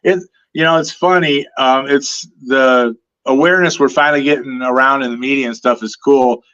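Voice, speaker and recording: A man from the Detroit area chatting as a guest on a podcast, telling lively stories and acting out what other people said. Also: mid-range voice, moderate pace, highs cut off. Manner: storytelling, animated quoting of others. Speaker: guest superfan. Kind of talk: casual podcast chat.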